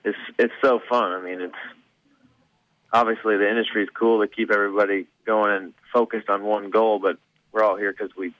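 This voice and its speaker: A man's voice: on the low side, flat delivery, a little fast, dry recording. A man who used to race, calling in and chatting in a laid-back, rambling way. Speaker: phone guest, former racer. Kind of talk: casual phone chat. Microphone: phone. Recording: dull phone-in line.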